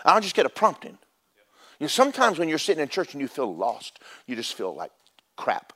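Folksy preacher telling stories. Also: male voice, sits high, big pitch swings, a little fast. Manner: storytelling preacher, swings from loud to hushed. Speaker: pastor. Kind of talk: sermon. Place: church sanctuary.

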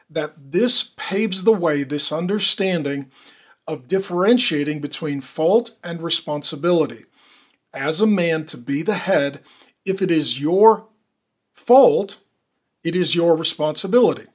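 A man's voice: on the high side, a little slow, husky. A middle-aged man preaching a sermon, emphatic, punching key words as he drives each point home. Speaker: pastor.

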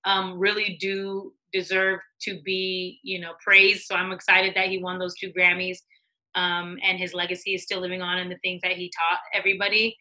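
Bright-voiced woman telling stories. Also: lowish voice, moderate pace, poor audio. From United States. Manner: animated, acts out quoted voices, laughs often. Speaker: guest, music executive. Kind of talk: casual interview storytelling.

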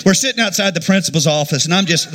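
A man's voice: sits high, fast. A middle-aged man preaching a sermon, telling a funny childhood story and acting out the voices in it. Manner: animated, jokey, acts out quotes. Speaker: pastor.

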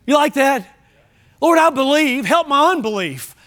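A male pastor preaching a sermon, swinging from loud exhortation to hushed lines, with conversational asides to the congregation. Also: very high-pitched, lively intonation, a little slow.

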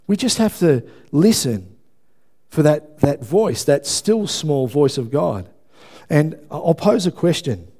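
A pastor with a fairly high, very animated voice preaches slowly to his congregation in church. He's emphatic, building into loud preaching, and keeps checking in with listeners by asking for their responses.

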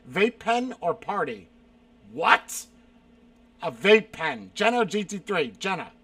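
With a high-pitched, fairly bright voice and no room sound, a man from South Carolina reads viewer questions aloud during a casual stream. His answers are curt, single-word, and profane, punctuated by exasperated outbursts.

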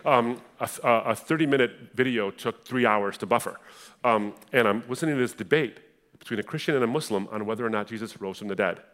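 With a medium-pitched voice and a brisk pace, a young adult man from the Middle East shares a fervent testimony like a sermon, alternating between hushed tones and fire.

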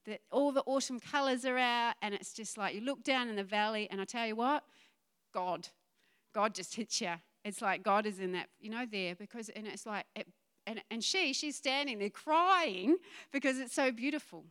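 A woman preaching in a relaxed, conversational way. Her voice sits a little high and sounds smooth and clear. She drops into excited quoted voices and laughs easily. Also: normal speed. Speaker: pastor. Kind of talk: sermon.

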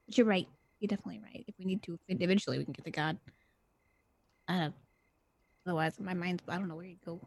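A woman's voice: lowish voice, steady tone, fast talker, pauses often, a little mellow, no room sound. A woman playing a tabletop game, talking in character in a casual, hesitant way that trails off, over an online call. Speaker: player. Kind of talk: in-character role-play chat. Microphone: online call microphone.

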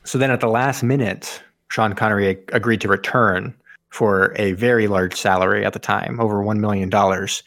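A man's voice: lowish voice, steady tone, moderate pace, fairly bright tone, dry recording, clean studio sound. A man hosting a podcast, rambling through movie trivia in casual chat with jokey asides. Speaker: podcast host.

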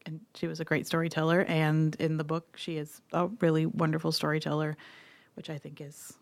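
A woman with a slightly low voice talks in an easy, casual way. She rambles and restarts her sentences, with plenty of fillers as she chats with a co-host. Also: monotone, fairly quick, gravelly, no echo. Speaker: podcast co-host recommending books. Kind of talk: casual chat.

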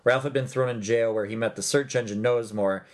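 A man co-hosting a casual movie chat, rambling quickly with restarts. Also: mid-range voice, steady tone. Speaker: podcast co-host.

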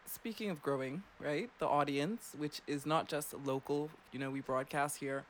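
A woman's voice: low voice, normal speed, slight background noise. A young woman hosting a late-night radio show from a studio, chatty and teasing, laughing often. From Bahamas.

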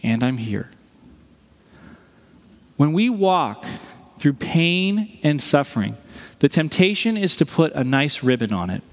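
A man's voice: on the high side, big pitch swings, unhurried, long reverb tail, slight background noise. A male pastor delivering a conversational sermon, telling a story and acting out the voices of the people in it.

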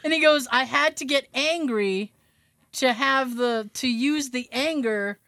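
A woman's voice: high voice, unhurried, pushed and bright, no echo. A woman co-hosting a podcast, telling a family story in casual chat, swearing now and then and laughing as she goes. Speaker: podcast co-host.

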